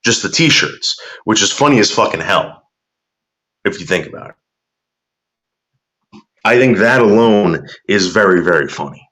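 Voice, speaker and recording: A man's voice: on the low side, lively intonation, measured pace, long pauses, a bit bright. A man casually chatting and telling a rambling, profane story while reacting to viewer comments.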